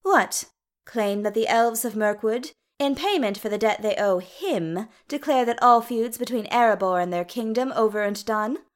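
A woman voicing a wry dwarf queen regent who speaks in a sweetly teasing, lively way. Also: on the high side, moderate pace, natural voice.

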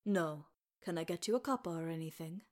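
A woman's voice: deep voice, a little fast, a little mellow, close to an everyday voice. A woman voicing a kindly, stubborn old deaf male dwarf healer with homely, folksy speech.

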